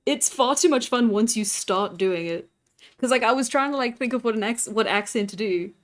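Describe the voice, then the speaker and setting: A woman's voice: on the high side, moderate pace. A young woman livestreaming while she draws, chatting casually with viewers and laughing often. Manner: giggly, chatty, frequent laughter and restarts. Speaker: livestreamer and artist. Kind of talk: casual live-stream chat while drawing. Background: faint background music.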